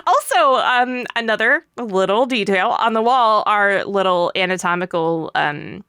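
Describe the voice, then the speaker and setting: A woman's voice: mid-range voice, lively intonation, a little slow, fairly bright tone, clear, resonant tone, no echo, clean studio sound. A woman from Britain, co-hosting a podcast and recapping an episode in casual chat, laughing often and saying um a lot. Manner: giggly, lots of ums. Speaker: podcast co-host.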